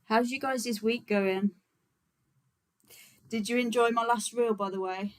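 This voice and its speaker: A woman's voice: on the high side, unhurried, low-quality recording. A woman hosting a casual livestream, chatting easily with her viewers and stopping often for fillers and small laughs. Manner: chatty and relaxed, many fillers, frequent laughs. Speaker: vegan activist livestream host.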